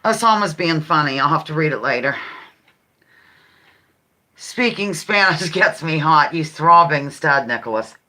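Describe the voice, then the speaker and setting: A low-pitched woman speaks in a bright, forceful, animated way at a measured pace, leaving long pauses. As host of a casual live-stream game, she chats, giggles frequently and reads viewer comments out loud.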